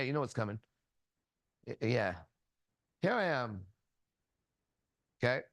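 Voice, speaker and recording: Casting: man, slightly high voice with gravel in it, crude, blunt spiritual teacher, dry close mic. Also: dry recording. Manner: crude, profane, blunt storytelling. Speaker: ministry teacher. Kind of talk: casual spiritual talk.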